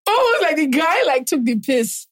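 A woman's voice: high voice, sing-song, moderate pace, no room sound. A woman co-hosting a podcast, chatting casually, telling stories and laughing often. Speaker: podcast co-host. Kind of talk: casual chat.

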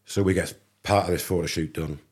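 Man from England, deep voice, husky, casual storytelling, acts out lines. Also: brisk. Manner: animated anecdote teller, acts out dialogue. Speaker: podcast guest.

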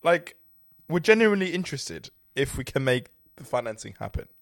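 A man's voice: mid-range voice, big pitch swings, a little fast, gravelly, dry recording, studio quality. A man co-hosting a podcast in casual chat, upbeat and joking, laughing often. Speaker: podcast co-host.

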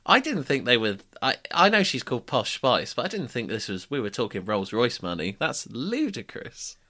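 A man's voice: medium pitch, very animated, normal speed, pushed and bright. A man from England co-hosting a podcast in casual chat, telling wry, self-deprecating anecdotes. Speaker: podcast co-host.

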